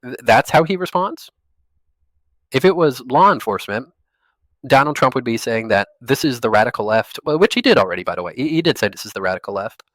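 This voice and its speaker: A man's voice: mid-range voice, lively intonation, brisk, a bit bright, no room sound. A man giving angry, profane political commentary, ranting in a furious tone.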